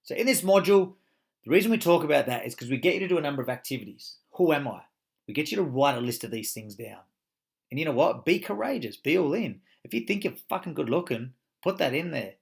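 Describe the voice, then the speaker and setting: Man, life coach, gravelly, punchy motivational lecture, swears freely. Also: fairly high pitch, expressive, brisk. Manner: emphatic, punchy, swears freely, fires rhetorical questions. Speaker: life coach teaching an online course.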